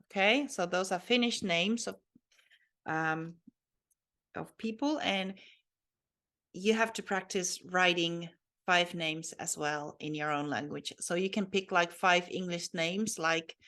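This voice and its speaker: A woman's voice: fairly low pitch, takes it slowly, fairly bright tone. A woman teaching a recorded language lesson, spelling letters out carefully and often admitting she is unsure.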